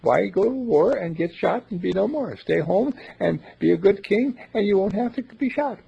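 Raspy man, playful and rambling, lively pitch, lo-fi recording. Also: moderate pace. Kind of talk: casual storytelling talk.

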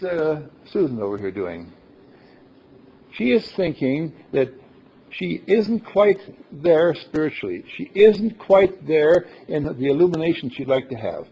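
A man with a very husky, breathy voice delivers a sermon, his pitch swinging widely as he jokes and laughs with his listeners. The recording is dull and lo-fi. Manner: playful, animated, laughing often. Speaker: minister.

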